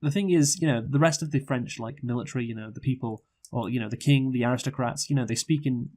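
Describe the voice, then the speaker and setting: In this laid-back chat about a film, a fast-talking podcast co-host and film reviewer with a typical middle-range male pitch rambles along, peppering his talk with "you know" and "like," tripping into restarts and cursing occasionally.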